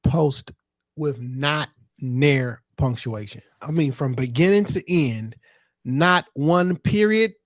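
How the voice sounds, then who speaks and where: Man, casual podcast chat, easygoing, laughs a lot, slightly high, dry sound. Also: no echo. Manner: laid-back, laughs often, quick reactions. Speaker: podcast co-host.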